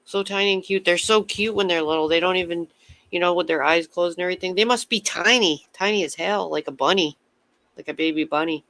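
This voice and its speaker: A man's voice: high-pitched, a little fast, sharp tone, no room sound. A man chatting casually with viewers on his livestream, rambling from topic to topic and swearing freely.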